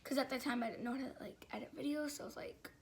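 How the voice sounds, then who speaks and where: A woman's voice: sits high, rapid-fire, creaky, background noise. A woman vlogger telling a casual story, rambling and filling it with "like" and "um". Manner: rambling, filler-heavy storytelling with frequent "like".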